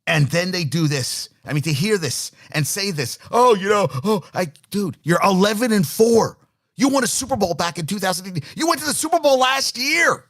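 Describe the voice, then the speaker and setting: Animated, exasperated sports talk host, a man. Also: high voice, fairly quick. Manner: animated, exasperated, swears freely. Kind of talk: opinionated sports radio rant.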